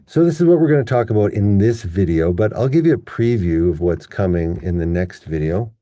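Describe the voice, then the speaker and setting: A man teaching English pronunciation in an online lesson, patiently explaining step by step and slowing down to demonstrate how words are stressed. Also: on the low side, lively intonation, warm tone, dry recording.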